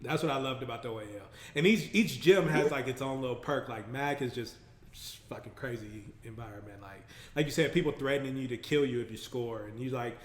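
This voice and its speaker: A man hosting a casual chat, relaxed and agreeable. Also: mid-range voice, brisk, reverberant. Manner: relaxed, agreeable, laughs along. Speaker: podcast host.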